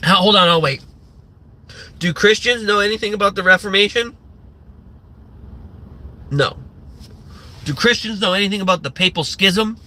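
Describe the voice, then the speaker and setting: Bright-voiced, sarcastic ranting man. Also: high-pitched, normal speed, long pauses. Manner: sarcastic, profane, rambling with many fillers. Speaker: livestream host. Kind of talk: profane livestream rant.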